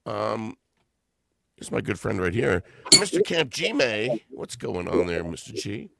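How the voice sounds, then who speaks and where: Slow, gravelly male host with guitar. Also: fairly low pitch, sing-song, very noisy. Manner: sings blues and rock covers with guitar, then chats loosely. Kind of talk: live music stream, singing and chat.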